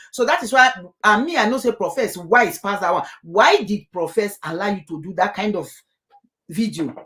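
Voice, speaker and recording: Scolding Nigerian woman commentator. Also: fairly high pitch. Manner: scolding, animated, many filler uhs. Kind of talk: opinionated monologue in Nigerian Pidgin and English.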